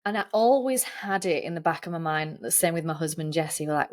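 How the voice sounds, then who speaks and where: A woman's voice: low voice, expressive, a little fast, a little mellow. A woman guesting on a podcast, telling her story in a candid, earnest way in casual interview chat.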